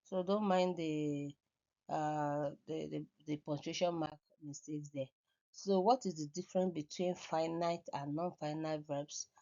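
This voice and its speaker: A woman's voice: low-pitched, fairly even intonation, measured pace, mellow, lo-fi sound. A woman lecturing on grammar over slides, hesitant, often repeating words and restarting. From Nigeria.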